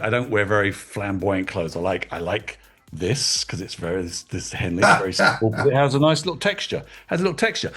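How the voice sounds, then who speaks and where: A middle-aged man from England, a guest in an interview, telling animated, emotional stories about his past in casual chat. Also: deep voice. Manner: animated storytelling, emotional, self-deprecating. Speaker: guest, toy designer.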